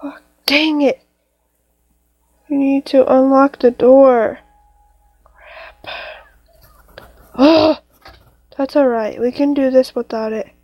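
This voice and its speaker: A woman's voice: high-pitched, steady tone, unhurried, no echo, dull audio. Jumpy woman narrating a horror game. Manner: jumpy, exclaiming, talks to viewers. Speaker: gamer.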